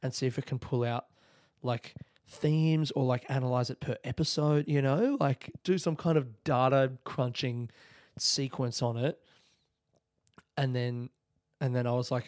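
A young man rambles through a solo podcast episode, swearing freely and laughing at his own ideas. His voice sits at an ordinary middle pitch. The sound is dry and close, with no room echo. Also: steady tone, measured pace, darkish tone. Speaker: podcast host, comedian. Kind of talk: casual solo podcast rant.

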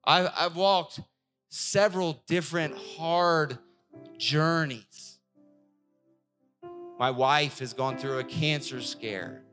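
A young man preaching a sermon as pastor, lively and acting out voices now and then. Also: mid-range voice. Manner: animated, acts out voices of God and worshippers.

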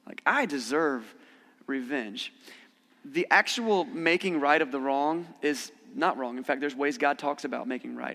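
A man preaching a conversational sermon, animated when he acts out quoted voices. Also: a little high. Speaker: pastor. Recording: long hall reverb.

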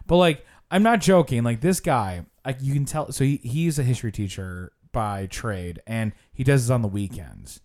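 A man's voice: mid-range voice, normal speed, few pauses. A man hosting a podcast, telling a story casually with lots of swearing and fillers. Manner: animated, profane storytelling with frequent "like". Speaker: podcast host. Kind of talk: casual chat.

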